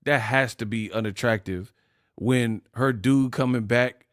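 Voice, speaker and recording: A man's voice: medium pitch, a little slow, a bit bright, no echo, studio quality. A man hosting a casual boxing livestream, laughing often and trash-talking his chat readers.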